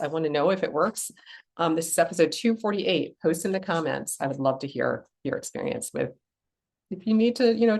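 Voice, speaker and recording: Low-voiced chatty woman podcast host. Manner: chatty and enthusiastic, frequent ums. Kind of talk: casual podcast monologue.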